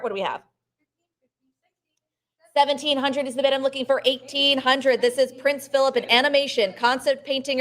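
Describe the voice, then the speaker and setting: A woman auctioneer calling bids at a live auction, chanting numbers briskly and coaxing bidders to go one more, with short remarks about the art. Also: high voice.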